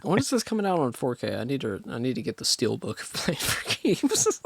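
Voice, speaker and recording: A man's voice: medium pitch, huge pitch swings, a little fast, creaky, husky, no echo, studio quality. A young man hosting a casual film podcast, joking and self-deprecating, laughing often. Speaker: podcast host. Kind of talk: casual film review banter.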